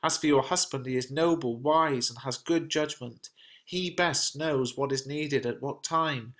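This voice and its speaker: Anxious, consoling nobleman with a measured delivery, voiced by a male reader. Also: mid-range voice, fairly bright tone, natural voice. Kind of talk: reading a play translation aloud.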